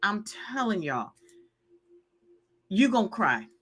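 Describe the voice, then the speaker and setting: A woman's voice: mid-range voice, very animated, slow pace, a bit bright. A woman in her fifties hosting a live stream, emphatic and preachy, repeating her points and reading viewer comments aloud. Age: 50s. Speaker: live show host giving healing advice.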